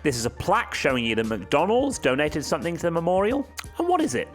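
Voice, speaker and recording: Young British guy, dry sarcastic travel vlogger, lively pitch, light music bed. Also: fast. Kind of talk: wry travel vlog commentary.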